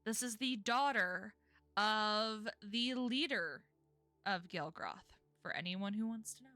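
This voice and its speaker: Spielleiterin mit heller Stimme. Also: female voice, mid-range voice, slow pace, sharp tone, no echo, soft background music. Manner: laughing, casual narration. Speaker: game master. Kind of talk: narrating a tabletop game.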